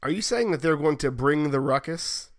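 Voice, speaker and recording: A man's voice: a little high, expressive, moderate pace. A man hosting a sports podcast, chatty and joking, who asks long rambling questions. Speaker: podcast host. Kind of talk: casual sports podcast chat.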